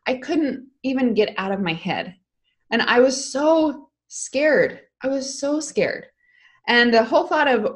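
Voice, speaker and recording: A woman's voice: high-pitched, expressive, a little slow. A middle-aged woman speaking as an interview guest, telling a personal story in an emotional, candid way. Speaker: guest, online course creator.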